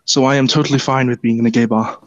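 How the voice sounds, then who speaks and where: A man joking deadpan and teasing the others during a casual podcast chat. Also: medium pitch, quick pace, muffled recording. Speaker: podcast co-host.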